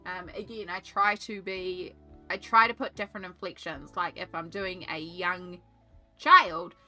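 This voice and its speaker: A young Australian woman, an artist and streamer, chats casually from her art desk, thinking aloud while she colours and drifting into rambling asides. Her voice is lowish and sharp in tone, a little slow, with fairly even intonation and faint music behind.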